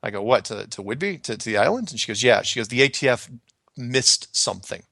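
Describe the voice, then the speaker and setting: A middle-aged man casually telling a story from his past, animated and acting out other people's lines. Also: mid-range voice, fairly quick, gravelly, no room sound. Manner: animated, acts out quoted voices, laughs often.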